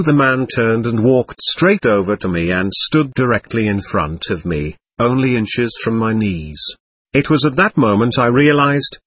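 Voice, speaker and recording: A man with a slightly husky, breathy voice reads a first-person account like an audiobook. His delivery is even and measured, and the recording is close and dry with no room sound. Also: medium pitch, no echo. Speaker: narrator.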